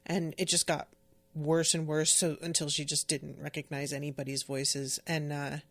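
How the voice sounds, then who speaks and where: A woman's voice: low voice, flat delivery, moderate pace. A woman hosting a podcast, chatting casually about a book in a candid, emotional, rambling way, full of fillers. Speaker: podcast host. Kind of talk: casual book-discussion chat.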